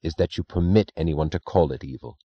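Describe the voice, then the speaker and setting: A man voicing a composed young male aristocrat who speaks with calm, quiet composure, in an audiobook reading. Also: deep voice, a little fast, breathy edge, no echo. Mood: probing. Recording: dry, dull lo-fi recording.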